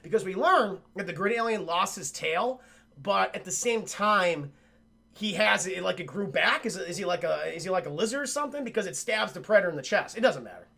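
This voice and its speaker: Young guy streamer ranting about a movie to chat, swears a lot, high raspy voice. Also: a little fast. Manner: excitable, swearing, laughs often. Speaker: film review streamer. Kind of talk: casual film recap talking to live chat.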